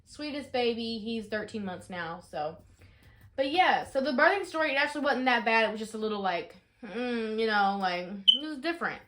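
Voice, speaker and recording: A young woman in her twenties, telling a story casually in a vlog, chatty and full of fillers, shouting out the dramatic parts. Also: on the high side, moderate pace, slight background noise. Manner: chatty, animated, lots of fillers, rises to shouting in re-enactments. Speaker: vlogger.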